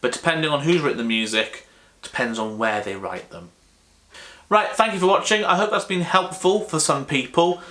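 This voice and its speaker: A man teaching drum rhythms in a patient, unhurried way, repeating words to show each beat. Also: fairly high pitch, animated, pushed and bright. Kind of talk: relaxed music lesson.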